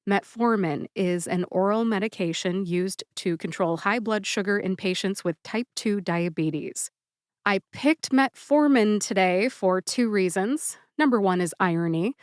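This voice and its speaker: Clear, deliberate woman host. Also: medium pitch, no room sound, clean studio sound. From United States. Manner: clear, deliberate, slows to spell out syllables. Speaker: pharmacist podcast host. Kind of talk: scripted educational podcast.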